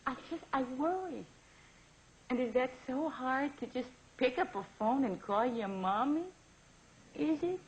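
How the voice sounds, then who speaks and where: A woman's voice: high voice, expressive, unhurried. Woman playing a nagging guilt-tripping mother. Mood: doting. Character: doting guilt-tripping middle-aged mother on phone. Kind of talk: classic comedy sketch. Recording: muffled old recording with loud hiss.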